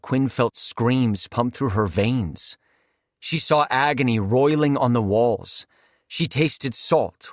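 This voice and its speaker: A man narrating a horror audiobook in a measured, vivid storytelling manner. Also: mid-range voice, dry recording, clean studio sound.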